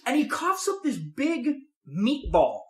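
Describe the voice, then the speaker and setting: A young man on a podcast, telling a long story in casual chat with lots of swearing, animated and acting out what people said. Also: very high voice, slow, echoey room. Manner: profane, animated storytelling with voiced reactions. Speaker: podcast co-host.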